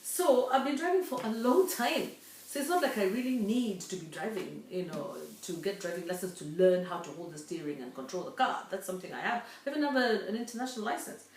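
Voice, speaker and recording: A woman's voice: medium pitch, animated, fairly quick, slight background noise. A woman in her fifties from Kenya, talking to her viewers in an earnest, chatty monologue. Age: 50s. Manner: earnest, chatty, with many fillers. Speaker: vlogger. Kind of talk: casual monologue. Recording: roomy echo, distant mic.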